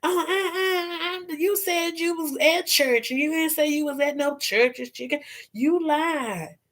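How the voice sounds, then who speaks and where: A woman voicing an angry wife who stammers and accuses her lying husband, in a higher, hushed voice. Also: slow pace. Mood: accusing.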